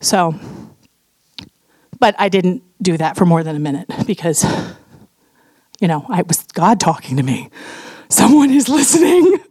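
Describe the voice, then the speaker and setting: Animated woman giving a candid testimony. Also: low-pitched, a little slow, long pauses, no echo, clean studio sound. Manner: animated, candid, laughs often, swings between earnest and playful. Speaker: speaker sharing her testimony. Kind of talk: testimony talk to a women's audience.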